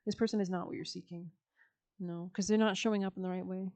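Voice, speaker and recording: A woman's voice: fairly low pitch, steady tone, fast, dark tone. A woman giving a casual, chatty tarot reading, full of slang and filler words and breaking into frequent laughs. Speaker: tarot reader.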